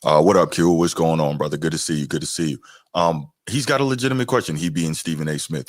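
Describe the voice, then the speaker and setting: Very deep-voiced man, chatty. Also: fast, no room sound, clean studio sound. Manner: relaxed, chatty, with fillers and asides. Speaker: podcast host reacting to clips. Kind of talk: casual commentary.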